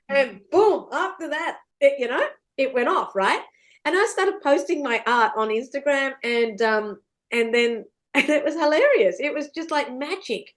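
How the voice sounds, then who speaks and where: Aussie woman on a podcast, talks big, swears, laughs a lot, voice sits a bit high and jumps all over. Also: sing-song, moderate pace. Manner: swears freely, laughs often, big swings in pitch and loudness. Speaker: podcast guest. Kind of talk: animated storytelling chat.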